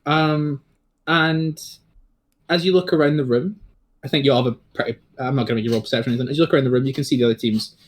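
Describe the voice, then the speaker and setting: A man's voice: medium pitch, fairly even intonation, fast talker. Game master for a tabletop game, male, rambling, loose and chatty delivery. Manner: rambling, full of fillers and restarts.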